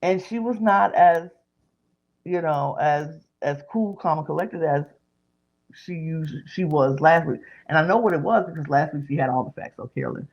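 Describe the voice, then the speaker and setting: A woman's voice: sits low, normal speed, muffled recording. A woman hosting a podcast, retelling a reality show episode in casual chat and acting out what people said. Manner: animated retelling, acting out others' lines.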